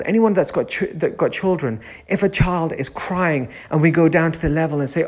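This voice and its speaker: A man's voice: fairly high pitch, brisk, hardly any pauses. A man who runs a nursery, giving a reflective self-help talk, repeating key phrases and lingering on words.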